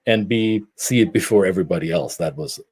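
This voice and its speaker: A middle-aged man from Germany, telling stories in a casual podcast chat, animated and prone to restarts. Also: on the low side, brisk, vocal fry, breathy edge. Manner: animated storyteller with frequent restarts. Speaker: podcast co-host.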